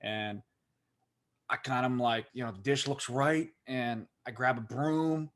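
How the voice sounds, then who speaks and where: A podcast co-host with a Pittsburgh accent tells a long, rambling story in a casual chat, animated and full of "like" fillers. His voice is mid-range and measured in pace.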